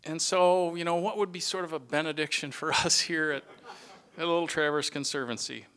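A middle-aged man giving an earnest farewell speech as a retiring director, sometimes halting and restarting. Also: on the high side, steady tone, pushed and bright, clean tone.

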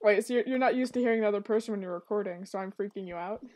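A woman's voice: medium pitch, racing, a little mellow. A young woman hosting a casual gaming session with a friend, laughing often and chatting loosely. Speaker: gaming channel host.

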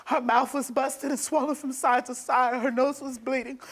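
A young woman, a guest on a talk show, recounting events in a rapid, emotional way. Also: high voice, level tone, slightly rough. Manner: rapid, emotional storytelling with restarts. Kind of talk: telling her story on a talk show. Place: TV studio stage.

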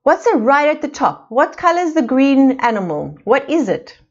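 A woman from South Africa teaching small children in an online playschool lesson, asking slow, sing-song questions. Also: sits high, very animated, dull audio. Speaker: preschool teacher.

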